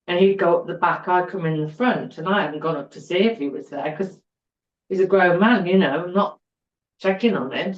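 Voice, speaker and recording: A woman's voice: fairly low pitch, normal speed. A middle-aged woman, a podcast guest telling her personal story in an earnest way and repeating words for emphasis. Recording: roomy, dull-sounding recording.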